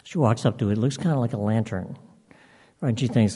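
A man's voice: lowish voice, fast talker, mellow, breathy edge. A man casually telling a long joke, rambling with plenty of fillers. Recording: long hall reverb.

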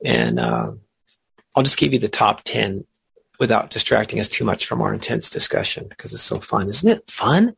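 A man's voice: fairly low pitch, very animated, moderate pace, vocal fry, a bit bright, slightly rough. A man teaching a spiritual study group, earnest and emphatic, drawing out key words, with chatty asides between readings.

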